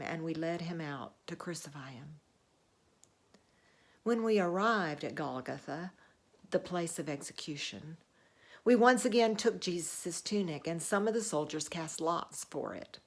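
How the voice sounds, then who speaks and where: A sober Roman centurion recounts in first person, as a woman puts him on in her own lower voice. The telling is earnest and measured, a dramatic monologue. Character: Roman centurion, a grown man, sober commanding officer.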